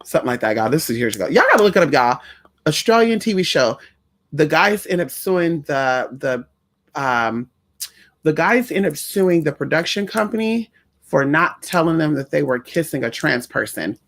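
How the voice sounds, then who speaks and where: A woman's voice: low voice, very animated, normal speed. Sassy chatty trans woman vlogger. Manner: sassy, chatty, addresses viewers as y'all and honey. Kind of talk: casual storytelling to viewers.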